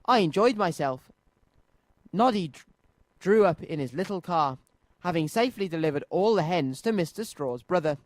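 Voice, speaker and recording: A man reading a children's storybook aloud on radio, lively and clear. His voice is high, and the studio sound is close and dry. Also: moderate pace, dry recording. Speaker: radio children's show presenter.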